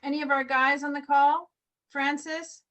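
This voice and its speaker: A woman's voice: high voice, level tone, normal speed, fairly bright tone. A woman leading a group video call as a motivational coach, enthusiastic and encouraging, full of rhetorical questions.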